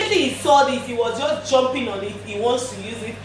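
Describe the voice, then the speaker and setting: A woman's voice: moderate pace, few pauses. Chatty woman vlogger in an echoey room. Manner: chatty, repeats phrases, gushing about the product; turns high and sing-song when talking to her toddler. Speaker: vlogger reviewing a baby product. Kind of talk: casual product unboxing vlog. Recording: echoey room with background noise.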